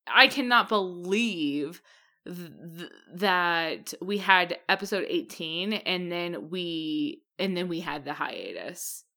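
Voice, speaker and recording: A woman with a bright, fairly low voice speaks slowly in a casual chat. She laughs often and stops to correct herself. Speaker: podcast co-host.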